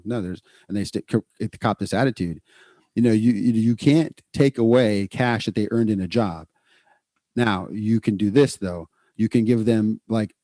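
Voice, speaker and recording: A man hosting a podcast, explaining child behavior training in a casual, animated way and acting out what parents and kids say. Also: on the low side, no room sound, studio quality. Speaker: podcast host, clinician.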